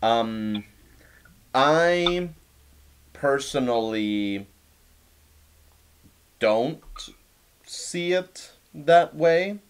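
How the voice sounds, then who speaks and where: Man co-host, casual Q&A, thoughtful, hedges, laughs easily, mid-pitched. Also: lively intonation, drawn-out words, long pauses, clean tone. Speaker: podcast co-creator answering fan questions. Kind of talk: casual group chat.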